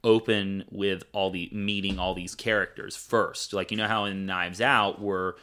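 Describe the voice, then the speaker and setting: A man's voice: low-pitched, steady tone, a little slow, sharp tone, smooth. A man co-hosting a casual podcast chat, talking enthusiastically and rambling with fillers. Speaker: podcast co-host reviewing a film.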